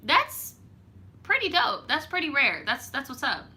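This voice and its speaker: A woman's voice: high voice, wildly swooping pitch, measured pace, bright, forceful tone. A young woman hosting a casual live stream, reading viewer stories aloud and reacting to them in slang. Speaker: storytime YouTuber.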